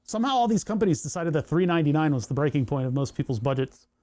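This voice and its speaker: A man's voice: on the high side, lively intonation, racing, mellow. A man hosting his electronics hobby channel, chatting casually at his workbench in a rambling way with sarcastic asides and many restarts. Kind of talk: casual workbench chat to camera.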